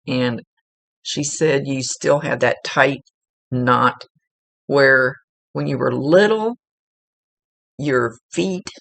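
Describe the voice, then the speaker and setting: A woman psychic medium giving a casual, gently instructive reading, relaying messages with chatty asides. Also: a bass voice, creaky. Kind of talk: casual spoken reading to a client.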